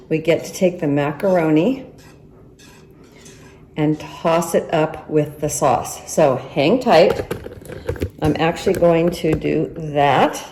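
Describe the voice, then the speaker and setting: A woman hosting her own home cooking vlog, talking her viewers through each step in a friendly, chatty way while she stirs and films with one hand on her phone. The kitchen rings with echo, and soft clinks of spoons and dishes sit behind her voice. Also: lowish voice, noisy background. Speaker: cooking channel host. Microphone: handheld phone camera. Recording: echoey kitchen, clattering dishes. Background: utensil and dish clatter.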